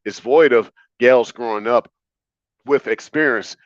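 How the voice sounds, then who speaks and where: A man's voice: medium pitch, unhurried, no echo, lo-fi sound. A man hosting a livestream monologue, talking in an emphatic, repetitive, preachy way. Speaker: livestream host.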